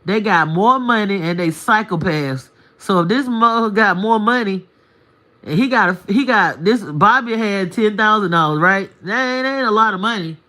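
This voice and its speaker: Woman streamer, mid-pitched, casual and preachy, hammering her points home on a live stream. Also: animated, normal speed, pushed and bright. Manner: emphatic, preachy, colloquial with folksy asides. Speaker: spiritual live-streamer giving advice. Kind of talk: casual livestream monologue. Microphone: single mic on a livestream.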